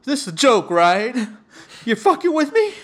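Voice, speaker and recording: A man's voice: very high-pitched, sing-song, moderate pace, pitched above the performer's own voice. A man voicing his younger sister as a young woman, shocked and breathless with disbelief. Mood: overjoyed.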